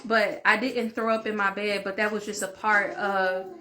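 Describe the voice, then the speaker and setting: A woman vlogger telling a story in a casual, animated way, full of "like" and swearing. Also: mid-range voice, moderate pace. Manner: animated, frank, peppered with "like" and swearing. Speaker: vlogger and healing channel host. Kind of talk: casual story-time monologue.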